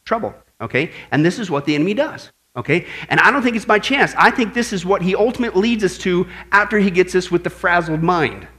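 A male pastor preaching an animated sermon, exclaiming and asking his listeners questions. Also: high voice, fast, few pauses.

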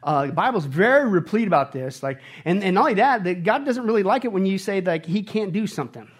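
A middle-aged male pastor preaching a sermon, animated and often shouting on his high points. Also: quick pace.

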